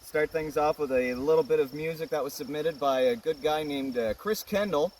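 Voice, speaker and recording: Rambling host, distant outdoor mic. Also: male voice, on the high side, normal speed, darkish tone, a little hiss or hum. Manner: jokey, self-correcting. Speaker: host of a virtual music festival. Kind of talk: casual rambling vlog intro. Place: outdoors at a rural campsite. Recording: distant mic, insects in background.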